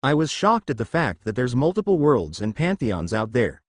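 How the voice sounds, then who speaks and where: A man narrating a fan fiction story in first person, with expressive delivery. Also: medium pitch, normal speed, no room sound, studio quality.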